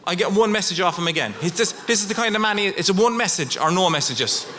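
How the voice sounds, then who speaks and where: A middle-aged Irish man performing stand-up comedy, telling a story with swings from low mutters to high outbursts. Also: animated, fast talker, pushed and bright. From Ireland. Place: live stage.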